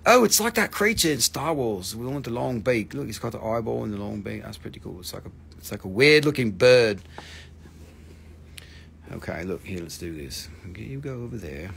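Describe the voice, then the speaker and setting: A man's voice: on the low side, expressive, a little fast, gravelly, fairly bright tone, slight background noise. A man hosting a live crystal sale, chatting casually, joking around and swearing freely. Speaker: host selling crystals on a live stream. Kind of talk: casual live-stream sales chat.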